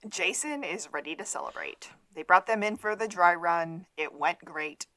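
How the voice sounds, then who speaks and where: Woman co-host, lower voice, relaxed recap of the plot for a rewatch podcast. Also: moderate pace, dry recording. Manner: relaxed plot summary with fillers. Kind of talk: casual episode recap chat.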